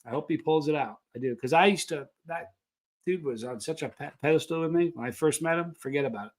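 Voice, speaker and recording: A man hosts a casual live stream and rambles from one story to the next. His voice sits a little high for a man. He greets viewers by name as he goes. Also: brisk. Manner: rambling, animated, reads out viewer names. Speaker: livestream host.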